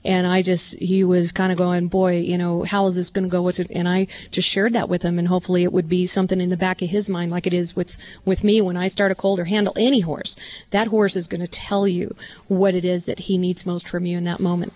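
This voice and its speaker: A woman's voice: fairly low pitch, flat delivery, a little fast, darkish tone, no echo. A woman horse trainer, a guest on a live show, talking earnestly and telling stories about her teachers.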